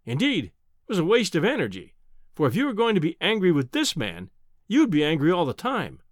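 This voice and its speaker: A man narrating an adventure novel in the first person, measured and wry. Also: sits high, wildly swooping pitch, no echo, studio quality. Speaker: audiobook narrator.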